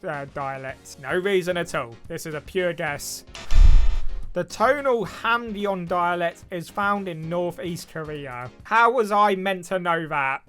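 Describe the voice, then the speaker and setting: Young British man, high-pitched, bright and forceful, wry quiz commentary, casual. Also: measured pace, soft background music. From United Kingdom. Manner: wry, joking asides while reading questions aloud. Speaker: YouTuber taking an online quiz.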